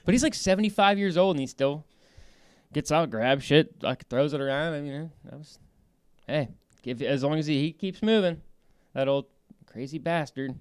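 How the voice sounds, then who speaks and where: A man in a casual chat as a podcast guest, telling animated, rambling stories. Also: a little high, moderate pace, clean tone, dry recording, studio quality.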